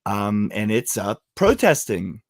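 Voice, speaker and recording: A man's voice: lowish voice, slow pace, vocal fry, no echo, studio quality. A man from West Virginia hosting a casual podcast, telling stories with plenty of swearing and laughter. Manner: animated storyteller, swears freely, laughs often. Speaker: podcast host.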